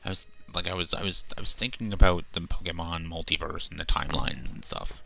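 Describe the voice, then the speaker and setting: A young Canadian man rambles through casual game commentary in a very deep, gravelly voice with a bright, sharp edge. He stumbles, restarts and swears as he sorts out his thoughts. Faint game music plays behind him. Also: steady tone, fairly quick. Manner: meandering, stumbling, swears freely, self-correcting. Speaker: let's play streamer.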